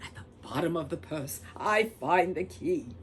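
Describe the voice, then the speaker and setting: A woman reading a children's storybook aloud, very expressive, acting out the characters as she goes. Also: deep voice, measured pace, slightly rough.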